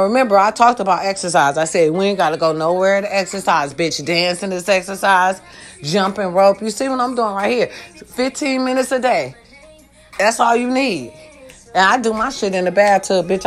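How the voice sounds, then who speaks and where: An older woman giving a loud, sassy, profane pep talk to her followers. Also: mid-range voice. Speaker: vlogger.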